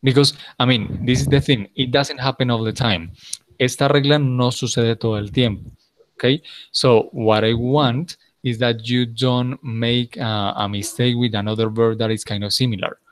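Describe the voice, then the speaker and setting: A male English teacher with a Colombian Spanish accent walks a student patiently through grammar, one step at a time. His pitch sits in the middle of the range. The sound is dry and close, with no room around it. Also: steady tone, normal speed, dry recording. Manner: patient, explains step by step, switches to Spanish to clarify. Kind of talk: online English tutoring.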